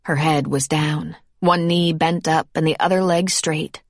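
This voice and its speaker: A woman narrates a romance audiobook in a measured, scripted way. Her voice is low for a woman, and the recording is dry and close. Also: fairly even intonation, dry recording.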